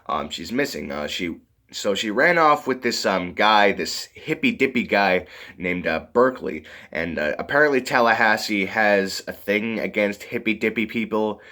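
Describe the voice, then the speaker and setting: Low-voiced man, lively rambling review. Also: normal speed. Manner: rambling, full of fillers, giggles often. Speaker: movie reviewer. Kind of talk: casual video review.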